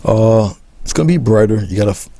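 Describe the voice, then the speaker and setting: A man teaching a painting demonstration, talking relaxed as he paints, repeating short coaching phrases and often trailing off into a murmur. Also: fairly low pitch, fairly quick, vocal fry, no room sound. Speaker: art instructor.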